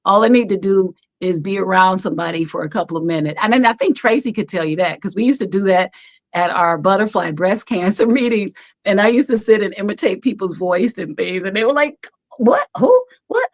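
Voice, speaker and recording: A woman guest on a live-streamed video call, telling stories animatedly with frequent laughs and fillers. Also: mid-range voice. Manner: animated storyteller, quick to laugh, many fillers. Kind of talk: casual interview over a live stream.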